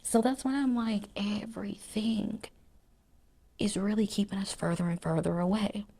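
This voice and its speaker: A woman's voice: mid-range voice, steady tone, moderate pace, vocal fry, mellow, husky. A woman in a faith vlog reflecting on peace in a preaching cadence, with lists and repetitions and frequent drops to a near whisper. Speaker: faith vlogger. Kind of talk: heartfelt spiritual reflection.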